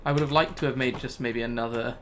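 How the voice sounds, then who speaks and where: Male gamer, casual commentary, exasperated self-talk, average pitch, faint typing. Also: fairly even intonation, fast, noisy background. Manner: self-talking, exasperated, laughs at himself. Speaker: gaming YouTuber. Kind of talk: casual Let's Play commentary.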